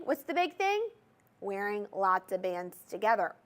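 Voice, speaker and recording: A woman's voice: mid-range voice, big pitch swings, unhurried, a bit bright. A woman with a Southern US accent hosting a TV shopping show, chatty and gushing as she talks straight to the viewers. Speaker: home shopping host. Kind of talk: TV shopping sales pitch. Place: TV shopping studio.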